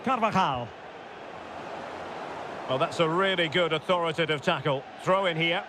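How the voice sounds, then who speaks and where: A man playing a seasoned football commentator in a video game, a polished broadcaster who calls the action and rises to loud, excited calls. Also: fairly high pitch, normal speed, natural voice. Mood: lively play-by-play. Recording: game audio under loud background noise.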